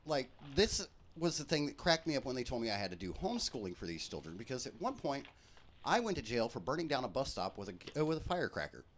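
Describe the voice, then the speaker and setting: A man hosting a live stream, telling comic stories from his life in a profane, animated way. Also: medium pitch. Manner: profane, animated, quick jokes. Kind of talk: comedic storytelling.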